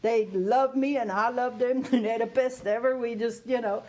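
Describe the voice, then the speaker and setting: A woman in her fifties with a high voice talks frankly about family and identity on a talk show. She laughs easily and keeps checking in with her listener. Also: steady tone, moderate pace, darkish tone. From Germany. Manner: candid, laughing, repeats "you hear what I'm saying".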